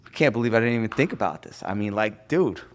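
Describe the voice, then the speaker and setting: A man co-hosting a podcast who is a lawyer, chatting in a loose, animated way, swearing and laughing often. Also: lowish voice, fast. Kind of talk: casual podcast chat.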